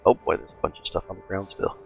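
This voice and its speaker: Gravelly-voiced man narrating gameplay casually. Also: low voice, fast talker, highs cut off, faint music behind. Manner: relaxed, chatty, thinks aloud with fillers. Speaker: gaming guide host.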